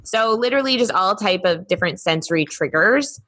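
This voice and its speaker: A woman's voice: medium pitch, animated, fairly quick, fairly bright tone. A woman co-hosting a podcast, telling stories in casual chat with lots of fillers, talking over a remote call microphone. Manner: chatty storyteller, many fillers. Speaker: podcast co-host.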